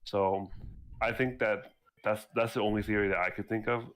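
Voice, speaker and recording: Co-host, young male, lowish voice, rambling, chatty. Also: steady tone, normal speed. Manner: rambling, laughs at own stories. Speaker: podcast co-host. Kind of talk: casual gaming chat.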